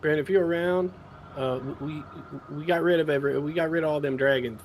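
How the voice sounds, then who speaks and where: A man voicing a breathy male air elemental adventurer in a tabletop game who stammers as he speaks. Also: fairly high pitch, slight background noise, voice pushed up, natural voice. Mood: eager. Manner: halting, stammering.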